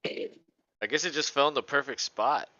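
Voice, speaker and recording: A man casually calling a football game play by play, relaxed, laughing often and swearing freely. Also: medium pitch, moderate pace, dull audio. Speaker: co-host doing play-by-play.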